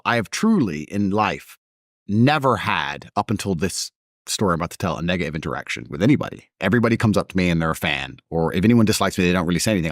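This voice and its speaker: Animated blunt man telling stories. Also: fairly low pitch, no echo, studio quality. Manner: animated storytelling, blunt and combative. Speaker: interview host. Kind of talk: casual conversation.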